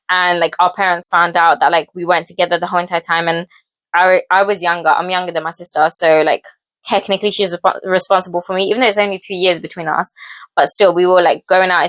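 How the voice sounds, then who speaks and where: A chatty young woman telling stories while she cooks in her home kitchen, her voice a little low and full of giggles and fillers. The sound is close and dry, with no room around it. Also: a bit bright, no room sound. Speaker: vlogger. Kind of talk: casual storytelling while cooking.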